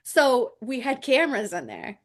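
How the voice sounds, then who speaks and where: A woman's voice: high voice, wildly swooping pitch, moderate pace. A young woman co-hosting a podcast, telling a salon story in casual chat with playful meowing and quoted voices. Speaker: podcast co-host.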